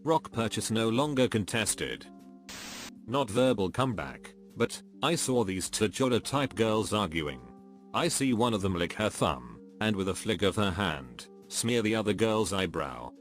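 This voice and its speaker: Male narrator, lower register, expressive lively read of short anecdotes, soft music bed behind. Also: measured pace. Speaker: narrator reading online posts. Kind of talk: scripted narration.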